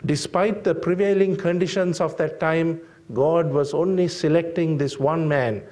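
A man preaching a sermon, slow and deliberate, with frequent fillers and emphatic rhetorical questions to the congregation. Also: a little high, steady tone, darkish tone.

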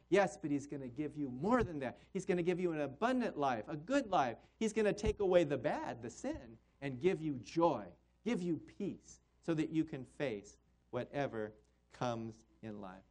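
A man preaching a sermon to his congregation, earnest and repetitive, swinging between loud emphasis and soft, quiet lines. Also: fairly high pitch, big pitch swings, normal speed. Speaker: pastor.

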